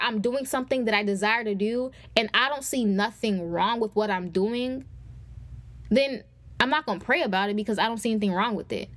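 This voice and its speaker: A woman's voice: a little high, fairly bright tone, no room sound. A young adult woman hosting a faith-based podcast, teaching in a conversational, preacher-like way and speaking straight to her listeners. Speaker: podcast host.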